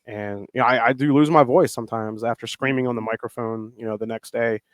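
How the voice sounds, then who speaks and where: A man's voice: mid-range voice, fairly even intonation, fast, no room sound. Middle-aged man, rambling, dry close sound. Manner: rambling storytelling with many fillers and restarts. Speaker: guest wrestler. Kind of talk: casual podcast conversation.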